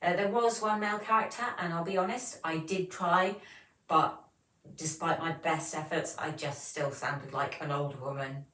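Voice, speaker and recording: A woman's voice: sits low, steady tone, normal speed, fairly bright tone, roomy sound, recorded from a distance, low-quality recording. A woman, hosting a casual livestream and chatting as she reads viewer comments aloud. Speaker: livestream host.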